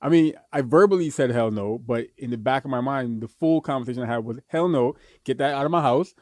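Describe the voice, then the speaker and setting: This podcast co-host is a young man whose mid-range, slightly mellow voice runs fairly quick over clean studio sound with no echo. He keeps the chat loose, joking and rambling with frequent fillers and restarts.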